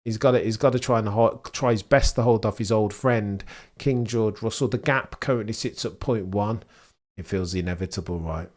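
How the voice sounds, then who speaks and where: A man doing live race commentary for his chat, slangy and sarcastic, swinging between excitement and dejection. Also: on the low side, moderate pace. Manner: exasperated, swings from animated to deflated. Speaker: streamer commentating a race watchalong.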